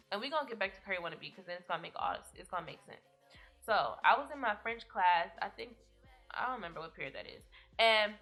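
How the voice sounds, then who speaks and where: Young woman vlogger, casual rambly storytime, cusses a lot, bright tone. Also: medium pitch. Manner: rambling, profane, laughs often.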